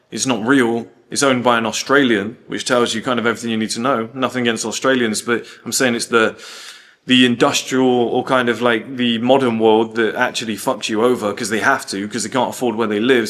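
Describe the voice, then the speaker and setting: A young man talking in a casual vlog, animated and swearing, telling travel stories with quoted asides. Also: mid-range voice. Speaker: host.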